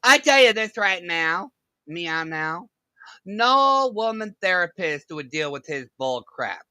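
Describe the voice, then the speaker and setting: A woman's voice: fairly low pitch, big pitch swings, slow pace, sharp tone, clean tone, no echo, rough recording. A woman reacting to clips with sarcastic remarks, often breaking into laughter. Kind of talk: reaction commentary.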